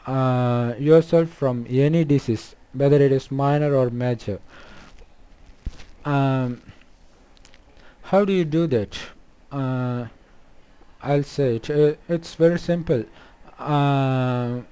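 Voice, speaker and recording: Man healer talking slow and soft, lots of uhs, smooth mellow voice. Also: fairly high pitch. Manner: halting, with frequent um and uh; softly spoken. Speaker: spiritual healer. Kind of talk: demonstrating and explaining.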